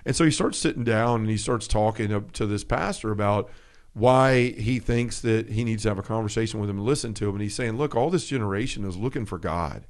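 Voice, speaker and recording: A man co-hosting a faith podcast in a relaxed chat. He tells a story with energy and acts out the quotes. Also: on the low side, fairly quick. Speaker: podcast co-host.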